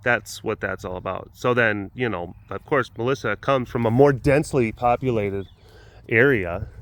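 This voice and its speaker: A man's voice: medium pitch, normal speed, a bit bright. Rambling, joking man vlogging outdoors. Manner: rambling, joking, with many restarts. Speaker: vlogger at a wild animal facility. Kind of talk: casual rambling vlog commentary.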